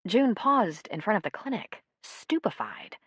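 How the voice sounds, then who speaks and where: Low-voiced woman narrating an audiobook. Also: lively intonation, moderate pace, a bit bright, dry recording.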